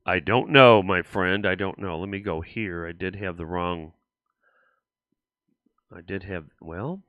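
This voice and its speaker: A man hosting a casual political talk show, stressing words with slow sarcastic emphasis. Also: low-pitched, dry recording, narrow, tinny audio. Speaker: show host.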